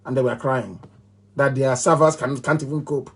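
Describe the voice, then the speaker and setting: A man's voice: mid-range voice, steady tone, moderate pace, vocal fry, husky. A middle-aged man with a Nigerian accent giving a live political broadcast, talking in an emphatic, repetitive way with mocking laughs. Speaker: movement leader giving a broadcast.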